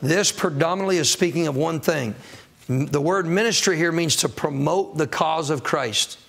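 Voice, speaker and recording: With a fairly bright, somewhat high voice carrying some vocal fry, a man preaches as pastor in a church sanctuary at a normal speed. He calls on the congregation for answers and acts out people's excuses.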